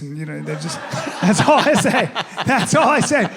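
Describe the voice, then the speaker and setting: A man's voice: high-pitched, fairly quick, vocal fry, few pauses, background noise. A male comedian and podcast host telling stories in casual chat, acting out voices, swearing and laughing often.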